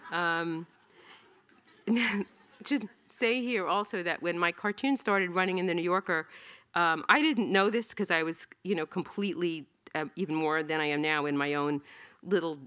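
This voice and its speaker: A woman in her sixties tells stories from her career in a casual, rambling way, her voice sitting fairly low. She trips over restarts and fills gaps with ums, poking fun at herself as she goes. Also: normal speed, a bit bright. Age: 60s. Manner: rambling, self-deprecating, many ums and restarts. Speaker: cartoonist giving an artist talk. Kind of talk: casual storytelling talk. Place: theatre stage.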